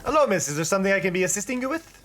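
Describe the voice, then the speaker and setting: A person voicing a formal, overly polite shopkeeper with a fake accent, reading game dialogue aloud. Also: male voice, high voice, sing-song, very fast, fairly bright tone, faint music behind. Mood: courteous.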